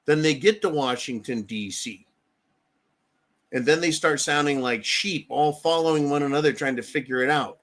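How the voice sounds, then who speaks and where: An American man hosts a live talk stream, with a voice pitched a little above the usual male range. He talks bluntly, swears freely and keeps checking in with "right?". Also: normal speed, fairly bright tone. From United States. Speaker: livestream host. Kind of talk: casual political commentary.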